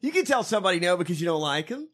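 A man co-hosting a casual comedy chat, profane and mocking, quick to laugh. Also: sits high, big pitch swings, a bit bright. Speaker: podcast co-host.

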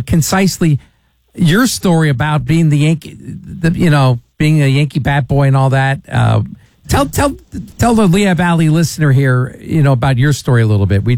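A man hosting a radio interview, sympathetic and halting, often repeating words. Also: fairly high pitch, darkish tone, no echo. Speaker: radio host.

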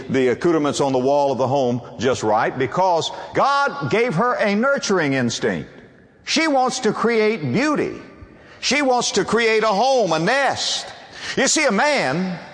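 An older man preaching a sermon, with wide swings in pitch and slow, drawn-out emphasis. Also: a bit bright, in a large hall.

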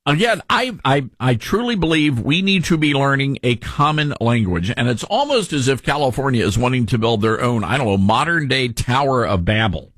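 A middle-aged radio host with a soft Southern twang and a husky edge. His pitch swings up and down as he delivers folksy, opinionated commentary in a close, dry studio sound. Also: dry recording. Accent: mild Southern US. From Tennessee. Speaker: radio talk show host.

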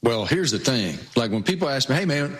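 A man with a Southwest Virginia accent chats casually as a co-host. His pitch sits in an ordinary middle range. He tells stories in a folksy, unhurried way. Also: big pitch swings, fairly bright tone. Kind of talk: casual chat.

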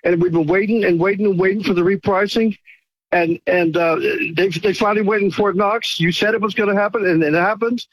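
Gushing high-voiced male caller. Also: steady tone, brisk, no room sound, rough recording. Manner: gushing, grateful, emotional. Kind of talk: phone-in call.

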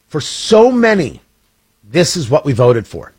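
Husky, energetic male radio host. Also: fairly high pitch, normal speed, no echo. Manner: energetic, emphatic, repetitive. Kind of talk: live radio ad read and commentary.

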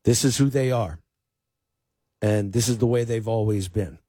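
A male radio host with a somewhat husky voice delivers pointed political commentary. His speech is emphatic, with restarts and repeated words. The sound is close and dry. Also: on the low side, normal speed, dark tone, no room sound. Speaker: fill-in radio talk host.

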